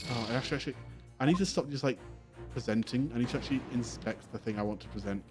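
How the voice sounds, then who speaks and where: A man streaming a courtroom game, chatting casually and thinking aloud as he plays. He speaks at a middle pitch with a self-mocking manner, and game music plays clearly behind him. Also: rapid-fire. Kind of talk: game playthrough with commentary.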